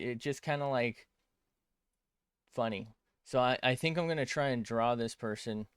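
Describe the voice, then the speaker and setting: A man with a lowish voice talks loosely on a drawing stream, drifting between thoughts and breaking off mid-sentence. He swears casually as he works on a tablet. The sound is dry and close, with almost no room around it. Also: clear, resonant tone, no echo. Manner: rambling, self-interrupting, swears freely. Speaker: art streamer. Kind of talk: casual rambling stream chat.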